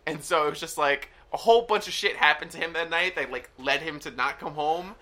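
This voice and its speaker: Casting: male podcast co-host, slightly high, very bright tone, animated storyteller who laughs a lot. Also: brisk. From Hispanic background stated, no country. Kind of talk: casual chat.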